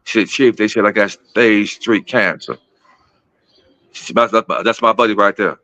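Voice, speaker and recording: A man in his fifties from Gary, Indiana, speaks in a low, bright, forceful voice. He tells a personal story casually and keeps calling his listeners guys. The sound is dry and a little dull, with little room around it. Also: normal speed, dry recording. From Gary, Indiana, USA. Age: 50s. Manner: repetitive, addresses listeners as guys, emotional storytelling. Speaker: guest speaker.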